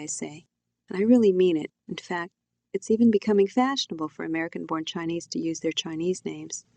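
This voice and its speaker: A woman, the author, reading her own novel aloud in a quiet, reflective first-person telling. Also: sits low, normal speed, no room sound. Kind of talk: audiobook narration.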